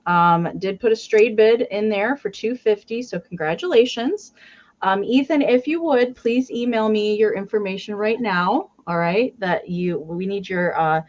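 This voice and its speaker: Hosting a live online vintage sale, a woman describes items and counts down bids in a chatty manner. Her medium-pitched voice moves a little slowly, and the recording is muffled.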